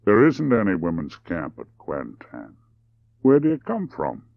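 A man's voice: low-pitched, huge pitch swings, vocal fry, no echo, phone-quality sound, heavily acted. A man doing a drawling young Australian driver. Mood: deliberate. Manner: slow deliberate drawl. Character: young male Australian truck driver, calm.

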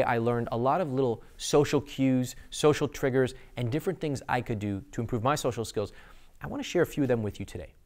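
A man teaching to camera in a studio, with a mellow, warm tone. His pitch moves a lot as he talks, and he keeps his delivery expressive and deliberate. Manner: expressive, varied intonation, deliberate slowing. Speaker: host. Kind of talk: instructional talk to camera.

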